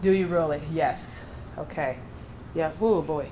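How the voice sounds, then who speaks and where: A woman's voice: deep voice, unhurried, mellow, slight background noise. Reassuring medium woman at a live expo reading. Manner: breathy exclamations, reassuring and emphatic. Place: expo hall.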